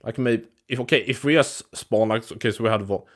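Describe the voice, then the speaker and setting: Here a mid-range male voice moves fairly quickly as he hosts a live MMA news stream. He talks casually and profanely, rambling with frequent restarts and filler words.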